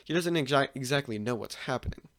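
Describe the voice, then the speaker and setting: A man's voice: mid-range voice, expressive, fast, a bit bright, slight background noise. A man casually retelling a fan story, rambling with many restarts and fillers.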